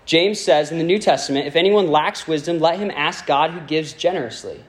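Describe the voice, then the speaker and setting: Male preacher, slightly higher voice, chatty sermon delivery with questions to the church. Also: brisk. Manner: conversational and playful, asking the congregation questions.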